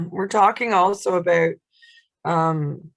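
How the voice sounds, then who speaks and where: A woman's voice: fairly low pitch, slow pace, rough recording. A woman co-hosting a casual self-help chat over a video call, soothing and affirming in tone. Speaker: co-host.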